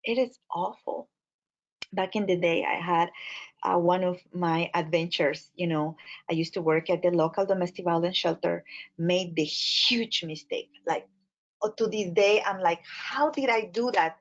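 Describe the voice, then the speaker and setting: A woman with a Latin American Spanish accent, a Spanish speaker, giving a training talk as an immigrant advocate, expressive and full of fillers. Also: lowish voice, measured pace. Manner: expressive, animated storytelling with many fillers. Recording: muffled lo-fi audio.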